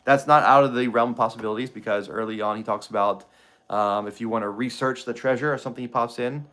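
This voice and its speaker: Guy thinking out loud on a stream, keeps restarting, reads bits of a book, chats w viewers. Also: medium pitch, steady tone. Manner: thinking aloud, reading chat, halting restarts. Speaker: treasure-hunt book streamer. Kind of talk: casual livestream chat reading a book aloud.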